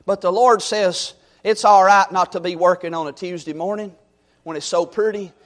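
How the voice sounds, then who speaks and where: A middle-aged man preaching a sermon, swinging from loud exhortation to quiet storytelling. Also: high voice, fairly even intonation, normal speed.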